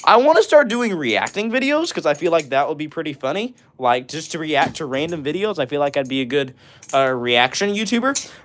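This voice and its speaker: A man with a fairly high voice hosts a casual live stream, reading out viewer messages and replying on the fly. He is excitable and jokey, and he often laughs. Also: brisk, slight background noise.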